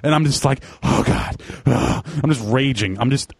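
A man's voice: mid-range voice, normal speed, creaky, no room sound. A man telling a rambling, profane story in casual podcast chat, mocking himself.

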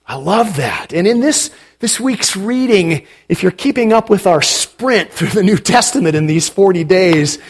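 A man preaching a sermon as pastor, animated and dramatic, with sudden emphatic lines. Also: sits high, husky.

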